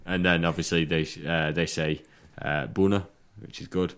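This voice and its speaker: A very low-pitched man chatting casually with friends on a podcast. He tells long, rambling stories and breaks into laughter easily. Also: steady tone, moderate pace, a bit bright, clean tone. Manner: laughs often, rambling storyteller. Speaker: podcast co-host. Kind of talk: casual chat.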